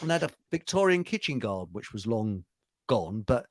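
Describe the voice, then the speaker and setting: A man's voice: medium pitch, very animated, a little fast, no room sound. A man hosting a casual online chat show, rambling, telling jokes and laughing at them. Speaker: show host.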